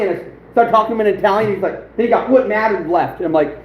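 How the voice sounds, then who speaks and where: Male livestream host, high voice, boastful rambling chatter with frequent chuckles, recorded in a roomy space over faint background noise. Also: racing, few pauses, muffled recording. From United States. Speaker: outdoors channel host, livestreaming. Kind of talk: casual livestream chat.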